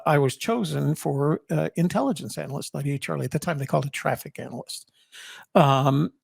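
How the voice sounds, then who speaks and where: A man in his seventies telling a personal story in an interview, reflective, with halting restarts. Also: a little high, creaky, a little mellow, dry recording, clean studio sound. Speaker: guest, army veteran and co-author.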